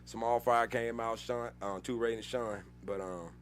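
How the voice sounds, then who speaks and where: A man, a comedian guest, telling stories in a slangy, animated way, with loud bursts when he acts out scenes. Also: medium pitch, measured pace, a little hiss or hum. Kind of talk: casual storytelling interview.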